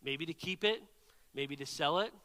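A man preaching a sermon, telling a story in an animated way and often checking in with "right?" and "okay?". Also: fairly high pitch, normal speed, big-room sound.

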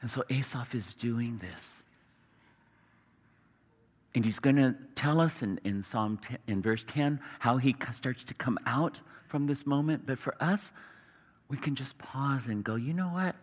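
A man preaching a sermon earnestly, sometimes dropping to a hushed tone. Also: mid-range voice, unhurried, long reverb tail. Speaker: pastor.

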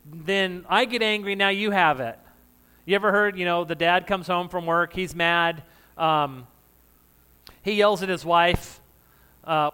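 A pastor with a fairly high, smooth voice preaches a sermon and describes himself as loud. He addresses the congregation in a relaxed, conversational manner, joking with them and laughing along.

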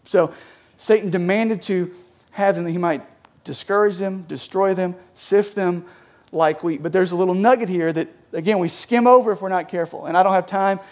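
A young pastor preaches to his church in a relaxed, conversational way. His voice sits high for a man, and he keeps checking in with his listeners. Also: normal speed. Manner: chatty, peppers talk with "right?" and "like". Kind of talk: casual conversational sermon. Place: church sanctuary.

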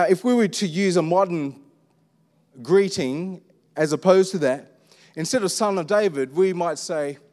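A middle-aged man preaching a sermon in a relaxed, conversational way, full of rhetorical questions. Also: on the high side. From Australia. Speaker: pastor. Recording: long reverb of a church hall.

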